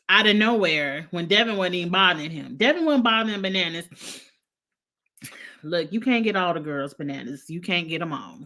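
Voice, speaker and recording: A woman's voice: fairly low pitch, pushed and bright. Blunt, gossipy woman hosting a chat show. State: coughing, allergies. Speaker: host. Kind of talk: casual live-chat show recap.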